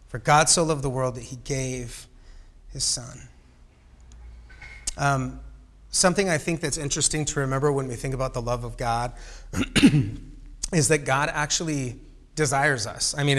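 A young man preaching a casual sermon, often laughing and joking with the room between halting restarts. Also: mid-range voice, a bit bright. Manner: joking, self-deprecating asides to the room. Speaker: youth pastor.

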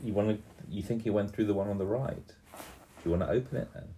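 A man in his fifties narrating a tabletop game for a small child in a slow, gentle storytelling voice, often pausing to ask her questions. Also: lowish voice, a little hiss or hum. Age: 50s. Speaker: game master.

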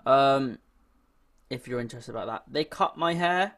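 A man's voice: medium pitch, normal speed, fairly bright tone. A young man co-hosting a casual podcast, tossing in joking side comments. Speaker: podcast co-host. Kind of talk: casual chat.

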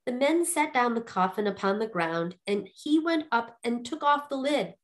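A woman storyteller reading a ghost fairy tale aloud in an expressive, lively way. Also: fairly high pitch, normal speed.

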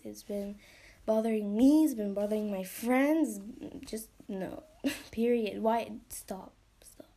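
A woman's voice: medium pitch, mellow. A young woman hosting a podcast in a casual, rambling way, full of fillers and swearing, sometimes dropping into a whisper. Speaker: podcast host.

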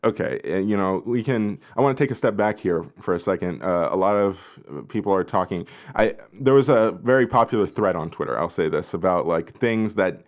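A man's voice: deep voice, a little fast, few pauses. A man hosting a casual discussion, rambling with lots of fillers and restarts while he moderates. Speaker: podcast host.

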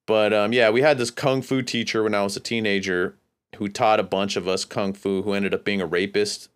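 A man's voice: fairly low pitch, fairly even intonation, a little fast, smooth. A man from California hosting a podcast, telling a long, rambling, profane story in a casual, laid-back way. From California, USA. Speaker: podcast host.

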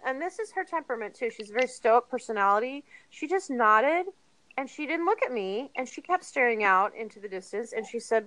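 Brief: woman in her thirties, earnest and chatty guest, bright tone, fairly high voice. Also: a little fast, dry recording, poor audio. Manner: earnest, chatty, animated retellings with laughs. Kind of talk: candid personal storytelling.

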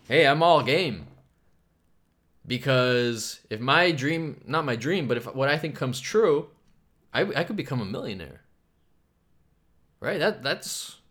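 A man's voice: on the high side, a bit bright. A man hosting a solo podcast, rambling from topic to topic in a self-mocking, profane way. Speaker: podcast host.

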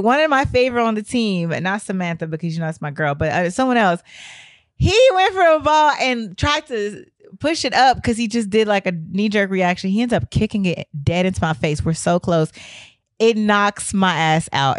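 A young woman telling a story in a casual, animated way, her voice hoarse from losing it, laughing and swearing often. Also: lowish voice, no room sound, clean studio sound. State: hoarse from a lost voice.

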